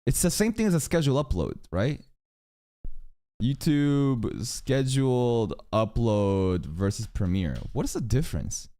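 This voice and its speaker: Male streamer host with an animated pitch, loose and profane while chatting. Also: unhurried. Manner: animated, swears freely, reacts and jokes with chat. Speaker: livestream reaction host. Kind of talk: casual livestream chat.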